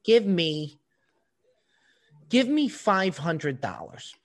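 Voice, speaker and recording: A man co-hosting a podcast, telling a story to his co-host in an animated, profane way. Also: a little high, very slow. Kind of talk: casual storytelling chat.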